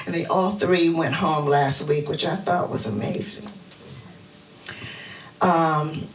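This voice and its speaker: Woman minister, animated sermon, roomy church, distant mic. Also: low voice, measured pace. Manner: animated, leads the congregation in call-and-response chants. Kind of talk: interactive sermon. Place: church sanctuary. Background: music.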